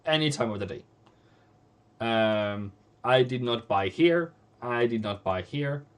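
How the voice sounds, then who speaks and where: A man's voice: medium pitch, animated, takes it slowly, clear, resonant tone. A man with Norwegian as his first language hosts a live trading stream. He scolds bluntly and repeats phrases for emphasis. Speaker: forex trading livestream host.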